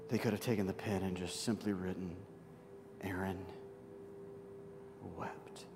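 A man's voice: steady tone, quick pace, background noise. Man preaching in a reverberant hall. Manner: dramatic, swings from loud and high to soft and hushed. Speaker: pastor. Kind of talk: sermon.

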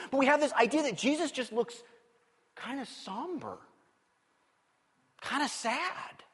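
Man, pastor, animated sermon, playful storyteller, asks the crowd questions, very high voice, big echoing hall. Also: breathy edge. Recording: long reverb of a large hall.

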